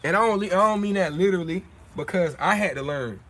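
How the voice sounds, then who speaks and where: Husky streetwise man preaching on stream. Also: high voice, a little fast, a bit bright. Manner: preachy, streetwise slang, repeats himself. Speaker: livestream host. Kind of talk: casual livestream talk.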